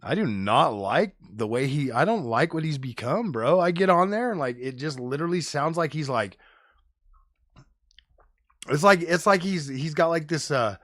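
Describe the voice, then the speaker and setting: Casual male tech streamer, fired-up slangy rant, fairly high voice, dry close sound. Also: moderate pace, dry recording. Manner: animated, profane, slangy with frequent "bro" and "dude".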